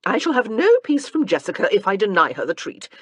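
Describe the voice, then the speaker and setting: A woman's voice: mid-range voice, sing-song, a little fast, fairly bright tone, breathy edge, no echo, voice pushed up. A woman voicing an indulgent elderly dowager in an audiobook. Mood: eager.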